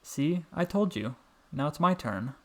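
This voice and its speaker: A man's voice: fairly high pitch, animated, measured pace, fairly bright tone, pitched above the performer's own voice. A man voicing a curious, earnest little boy in a storybook reading, eager and full of questions. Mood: playful.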